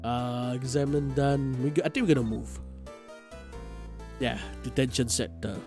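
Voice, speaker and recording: A man's voice: mid-range voice, fairly even intonation, normal speed, a little mellow, faint music behind. A man streaming a video game, giving casual live commentary and thinking aloud.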